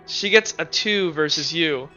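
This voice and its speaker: A man's voice: a little high, unhurried, pushed and bright, highs cut off, faint music behind. A man narrating as game master of a tabletop game, rambling with lots of fillers. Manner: rambling, filler-heavy narration with frequent restarts.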